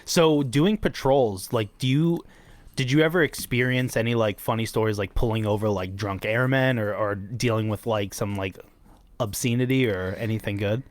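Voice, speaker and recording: A man's voice: fairly low pitch, moderate pace. A man hosting a podcast, asking loose, rambling questions in casual conversation. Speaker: podcast host. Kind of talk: casual interview chat.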